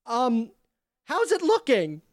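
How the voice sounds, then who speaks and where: A woman's voice: high-pitched, wildly swooping pitch, slow pace, a little mellow, no room sound, clean studio sound, pitched above the performer's own voice, full character voice. A woman voicing a chatty, vague woman who drives a carriage, talking in a hesitant, rambling way. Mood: uncertain, chatty.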